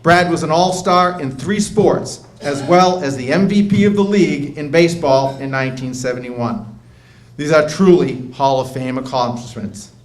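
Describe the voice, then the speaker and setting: A man, introducing a hall of fame inductee in a measured, gently humorous speech. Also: fairly high pitch, slight background noise. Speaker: presenter at induction ceremony. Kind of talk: prepared speech. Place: banquet hall.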